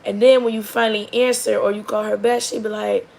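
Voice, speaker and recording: A young woman, a mother, telling a rambling, animated story straight to camera, full of likes and restarts, often sinking into a soft murmur. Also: fairly quick, vocal fry, a little hiss or hum, low-quality recording. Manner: drops to a soft, low murmur for long stretches. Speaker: mother telling a story about her daughter.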